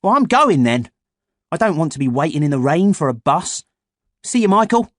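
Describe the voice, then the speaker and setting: A man's voice: a little high, very animated, normal speed, fairly bright tone, no room sound, pitched above the performer's own voice. A man voicing an eager schoolboy with a chirpy voice.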